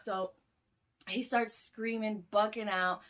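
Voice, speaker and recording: A woman's voice: medium pitch, fairly even intonation, slow, fairly bright tone. A woman in her twenties casually recounting a story, with loose, profane talk full of "like". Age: 20s. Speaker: vlogger.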